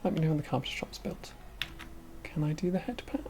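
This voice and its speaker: A woman VTuber offers chatty commentary while playing a game, talking to herself and laughing often. Her voice sits low and sounds warm, expressive, and fairly quick.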